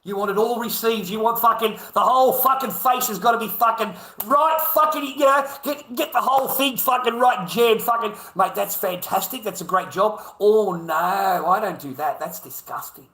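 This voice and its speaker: A man with an Australian accent rambles through a coarse livestream rant, cursing in nearly every sentence. His voice sits noticeably high for a man, and the room around him rings with echo. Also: normal speed, few pauses, bright, forceful tone. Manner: crude, swears constantly, rambling.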